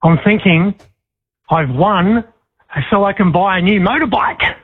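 A middle-aged man on a phone call to a radio show, eager and excited. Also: high voice, unhurried. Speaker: caller, prize winner. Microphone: phone line.

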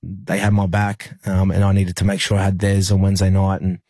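A young Australian man, a rugby league player, telling a personal story in an interview, halting with many fillers and restarts. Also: sits low, completely flat delivery, warm tone, husky, no room sound.

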